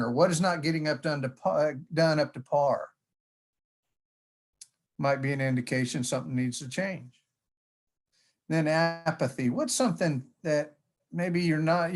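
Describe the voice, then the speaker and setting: Folksy man giving a talk. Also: on the high side. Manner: folksy storytelling with jokes. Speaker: conference speaker. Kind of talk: presentation talk.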